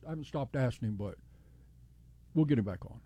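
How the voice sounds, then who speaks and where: Texan radio host in his sixties: fast, rambling, husky and darkish. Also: mid-range voice, lively intonation, dark tone. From Texas. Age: 60s. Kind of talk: casual radio chat.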